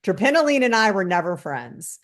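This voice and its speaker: A woman's voice: mid-range voice, very animated, fairly quick. A woman guest on a casual podcast, explaining things and quoting others with animation. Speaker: guest cannabis educator.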